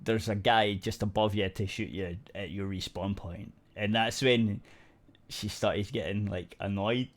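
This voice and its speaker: A man with a fairly low voice chats casually on a podcast. He rambles through a gaming story, often restarting his sentences and dropping casual swear words. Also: fairly even intonation, unhurried. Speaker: podcast co-host. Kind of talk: casual chat.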